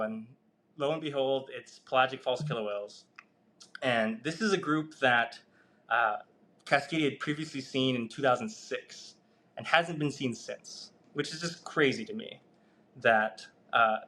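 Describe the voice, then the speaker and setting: Man, bright tense voice, podcast guest, animated storytelling, swears and laughs. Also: mid-range voice. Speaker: guest researcher. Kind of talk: casual storytelling in a podcast interview.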